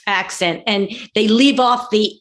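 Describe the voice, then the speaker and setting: A woman's voice: medium pitch, a bit bright. Chatty woman from the Philadelphia area. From Philadelphia area, USA. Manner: chatty, halting, lots of restarts and fillers. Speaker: guest. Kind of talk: casual chat.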